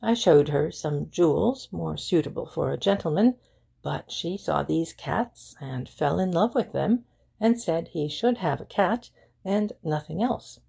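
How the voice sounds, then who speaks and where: A woman's voice: on the low side, measured pace, heavily acted. A woman voicing an eager young shop girl who chats readily and slips into phrases. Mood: eager, helpful. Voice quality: gravelly, husky. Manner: lively, helpful, sprinkles French phrases.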